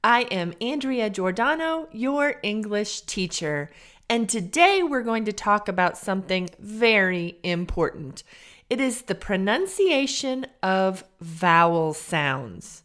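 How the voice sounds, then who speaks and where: With a General American Midwest accent, an Illinois woman who teaches English and hosts a podcast walks through a slow, clear pronunciation lesson. Her voice is medium-pitched, sing-song and fairly bright, and her delivery stays careful and deliberate as she draws out model sounds.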